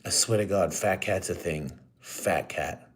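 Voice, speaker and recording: Deep-voiced man rambling on a live stream. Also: a little slow, slightly rough. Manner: rambling, profane, joking. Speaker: live-stream host answering chat. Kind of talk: casual live-stream chat.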